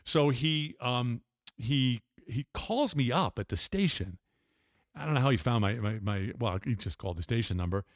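A man's voice: mid-range voice, expressive, moderate pace, dry recording, clean studio sound. An older man, a guest on an interview show, telling rambling stories with restarts and laughs. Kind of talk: casual storytelling interview.

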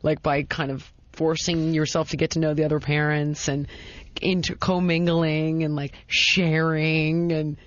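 A woman with a fairly low voice tells a casual anecdote, rambling and restarting as she piles on dramatic self-mocking exaggeration. The recording is dry and somewhat dull, with no room sound. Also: little pitch movement, measured pace, no echo.

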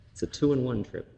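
A man's voice: mid-range voice, vocal fry, mellow, long reverb tail, lo-fi sound. A man giving a storytelling talk, musing and wry, with playful asides and frequent laughter. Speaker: spiritual lecturer.

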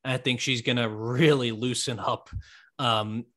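A man's voice: mid-range voice, fairly even intonation, unhurried, a bit bright. A man hosting a podcast in casual chat, talkative and enthusiastic. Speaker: podcast host.

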